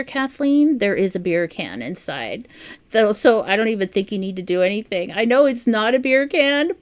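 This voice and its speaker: Chatty woman hosting a crochet livestream. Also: medium pitch. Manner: chatty and easily amused, muses aloud. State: has the hiccups. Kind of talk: casual chat while crocheting, reading viewer comments.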